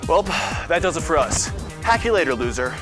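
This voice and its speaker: A smug basement hacker, played by a man taunts in a high, over-the-top voice. Music runs clearly behind him, sketch-comedy style. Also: big pitch swings, normal speed.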